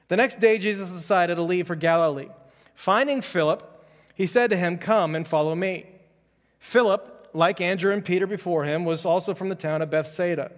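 A man's voice: high voice, in a large hall. A man preaching a conversational sermon as pastor, reading scripture and adding joking asides. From Houston, Texas.

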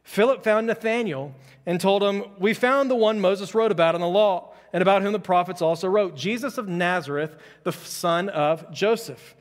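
A man's voice: high voice, normal speed, in a large hall. A man preaching a conversational sermon as pastor, reading scripture and adding joking asides. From Houston, Texas.

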